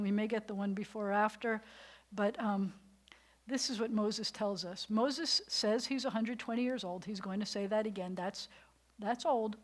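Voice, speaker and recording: A woman giving an informal sermon in a synagogue, conversational, with fillers. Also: medium pitch. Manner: conversational, with fillers and dramatic gasps. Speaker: rabbi leading a service. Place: synagogue sanctuary.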